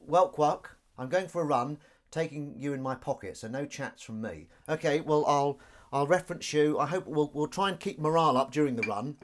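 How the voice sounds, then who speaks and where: A man hosting a live stream in a casual, jokey, self-mocking way, reading viewer comments aloud. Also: medium pitch.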